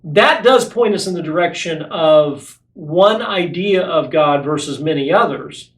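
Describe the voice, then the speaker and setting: Earnest high-voiced man teaching in an echoey room. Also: animated, a little slow. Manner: earnest, explanatory, repeats key phrases for stress. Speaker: podcast host. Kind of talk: apologetics podcast teaching.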